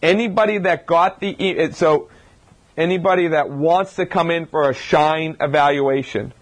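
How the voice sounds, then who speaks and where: This chiropractor's voice is on the high side, at a normal speed. He's giving an informal health lecture to a live audience, talking his points through with rhetorical questions and plenty of restarts.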